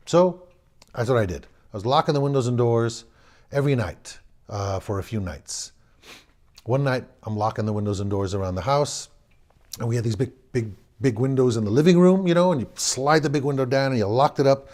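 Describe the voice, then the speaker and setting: A man's voice: medium pitch, lively intonation, brisk, a little mellow. A man in his forties from the Los Angeles area, telling a personal story in a wry, rambling way, repeating and restarting his words.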